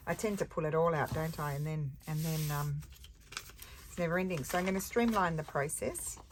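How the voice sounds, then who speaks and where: Talking through a craft project at her table, a tired older Australian woman with a low voice keeps up a brisk, chatty flow, thinking aloud and getting sidetracked easily. The craft channel host's casual chat has steady noise running beneath it.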